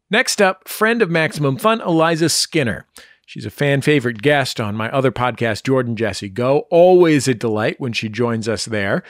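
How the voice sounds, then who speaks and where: A man's voice: mid-range voice, expressive, normal speed, dry recording, studio quality. A man hosting a podcast, reading friendly, enthusiastic introductions. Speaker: podcast host. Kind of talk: scripted show introductions.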